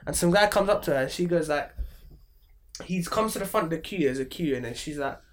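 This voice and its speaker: A young man, telling an animated story in a casual podcast chat. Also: fairly high pitch, fairly quick, a little hiss or hum. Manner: animated storytelling, acts out quotes. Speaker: podcast co-host. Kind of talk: casual chat among friends.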